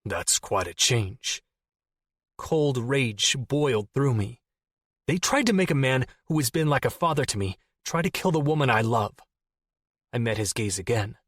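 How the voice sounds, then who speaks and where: A man's voice: medium pitch, expressive, normal speed, no echo, studio quality. A man reading a first-person audiobook in an intense, restrained way. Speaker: audiobook narrator.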